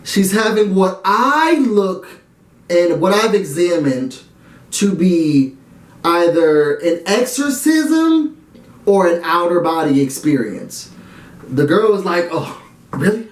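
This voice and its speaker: Animated high-voiced man recapping a show. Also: slow pace, echoey room. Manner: animated, dramatic and slangy, talks to viewers directly. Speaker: reality TV YouTube reviewer. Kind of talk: casual episode recap and review.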